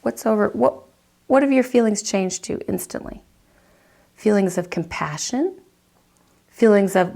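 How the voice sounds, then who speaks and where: A woman counselor teaching a lesson, telling a story vividly and acting out the reactions in quick asides. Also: mid-range voice, gravelly, mellow.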